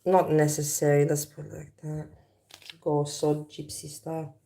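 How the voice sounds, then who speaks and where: A woman's voice: low-pitched, monotone, unhurried, vocal fry, mellow. Chatty woman on a phone livestream. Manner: chatty, rambling, frank. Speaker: livestream host. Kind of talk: casual livestream chat. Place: home kitchen.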